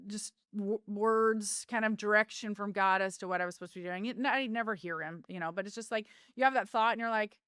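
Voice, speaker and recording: Middle-aged woman, interview guest, earnest heartfelt storyteller, smooth clean voice. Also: medium pitch, fairly quick, few pauses, a bit bright, no echo, clean studio sound. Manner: earnest, heartfelt, with vivid retelling. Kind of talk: personal storytelling in a podcast interview.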